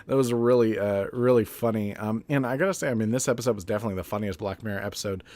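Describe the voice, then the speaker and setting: A man's voice: on the low side, rapid-fire, a little mellow, dry recording. A man casually recapping a TV episode in a chatty review, laughing often and swearing freely.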